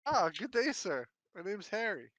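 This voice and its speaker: A man's voice: high-pitched, very animated, normal speed, a bit bright, no room sound, pitched above the performer's own voice. A man playing an eager, fumbling private detective. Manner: hesitant, polite, pushy.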